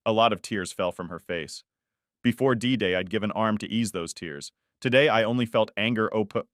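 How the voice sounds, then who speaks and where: A man narrating a personal story in the first person with a steady, even reading. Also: on the low side, normal speed, dry recording, studio quality.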